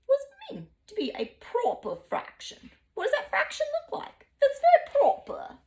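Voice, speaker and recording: Brief: woman doing a snooty, high, put-on British posh lady, slow and haughty. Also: wildly swooping pitch, exaggerated voice. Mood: prim. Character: prim, posh lady with pinkies raised.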